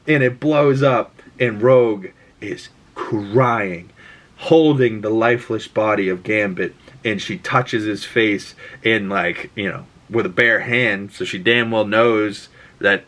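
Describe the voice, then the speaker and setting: A man recapping a TV episode in an excitable, rambling way, full of fillers and swearing. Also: lowish voice, takes it slowly. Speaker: pop culture podcast host.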